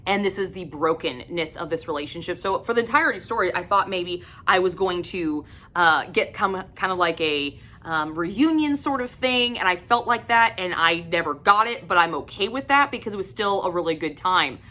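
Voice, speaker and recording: A woman casually reviewing a book in a vlog, excited and profane, laughing often and breaking into high squeals. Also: normal speed, hardly any pauses.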